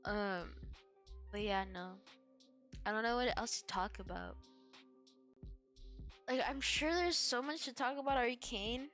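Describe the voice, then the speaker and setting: A woman's voice: on the high side, a little slow, long pauses, fairly bright tone, faint music behind. A woman streamer chatting casually and rambling. She is tired and yawning, giggles often, and uses lots of fillers. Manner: giggly, filler-heavy, meandering. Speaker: VTuber streamer.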